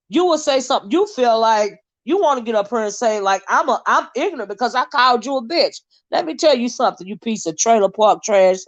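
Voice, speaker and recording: A woman's voice: on the high side, muffled recording. An American woman hosting her own channel, delivering an angry, profane, confrontational rant with repeated insults. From United States. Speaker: channel host. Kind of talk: angry ranting monologue.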